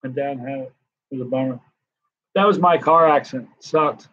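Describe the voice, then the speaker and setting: A man's voice: medium pitch, normal speed, bright, forceful tone, dull audio. A middle-aged man, the host of a live stream, tells rambling stories to his viewers, with restarts and acted-out dialogue. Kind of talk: casual storytelling to live viewers.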